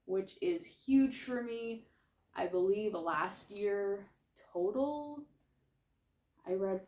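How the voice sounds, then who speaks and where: A woman's voice: fairly low pitch, a little mellow, reverberant. A woman book vlogger chatting casually through a reading wrap-up, with a slight lisp and a rambling manner full of fillers. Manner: chatty, rambling, lots of likes and ums.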